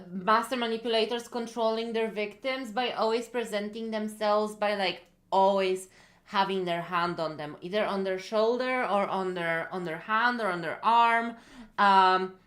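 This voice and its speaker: A woman co-host adds comments in casual chat. She talks slowly and hesitantly, trailing off with fillers as she gathers her thoughts. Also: medium pitch, fairly bright tone. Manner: unhurried and hesitant, with many fillers. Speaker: podcast co-host.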